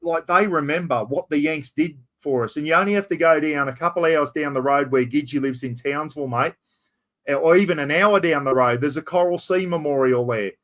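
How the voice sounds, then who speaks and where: A man's voice: fairly high pitch, a little fast, fairly bright tone. A middle-aged Australian man in casual chat, rambling and saying "mate" constantly.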